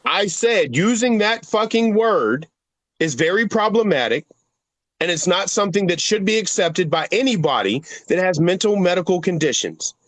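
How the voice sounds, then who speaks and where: A man's voice: high voice, expressive, moderate pace, a bit bright, no echo. A man arguing on a live stream, defensive and talking over the other speaker. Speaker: TikTok live guest. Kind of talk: heated live-stream argument.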